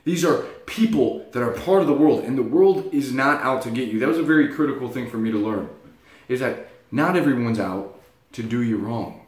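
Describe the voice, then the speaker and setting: A man's voice: mid-range voice, normal speed. A young man giving blunt, profane motivational talk in a casual self-help vlog. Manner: blunt, profane, animated storytelling. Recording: echoey room.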